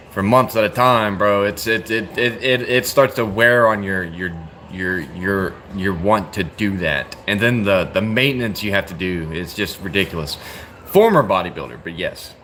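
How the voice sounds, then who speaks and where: A man from the United States in his thirties talks casually and bluntly, joking and cursing, tossing in "bro" and "dude". His voice sounds bright and forceful. Faint ambient noise sits in the room behind him. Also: on the low side, normal speed. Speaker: livestream host answering chat. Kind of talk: casual chat.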